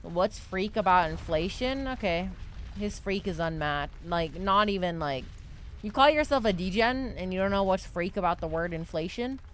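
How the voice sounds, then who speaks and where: A woman's voice: on the low side, animated, normal speed, slight background noise. A young woman streaming a game, chatting casually and jokingly to herself and her chat, swearing freely. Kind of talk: live gaming stream chatter.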